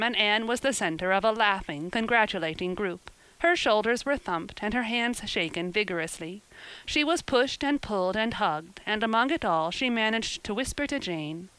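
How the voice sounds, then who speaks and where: Woman narrating a storybook, smooth and clear. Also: medium pitch, expressive, moderate pace, fairly bright tone, no echo, low-quality recording. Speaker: audiobook narrator. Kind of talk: scripted narration.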